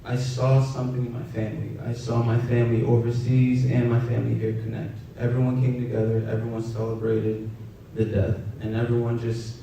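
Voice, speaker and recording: A young man telling a personal story in a halting, soft-spoken way, with many fillers. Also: completely flat delivery, vocal fry. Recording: roomy, distant, dull with faint rumble.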